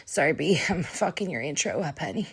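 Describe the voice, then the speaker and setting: A breathless woman with a lowish voice introduces her podcast episode. She rambles a bit and pokes fun at herself, keeping it loose and casual. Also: animated, brisk, slightly rough. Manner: rambling, self-deprecating, with fillers. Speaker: podcast host.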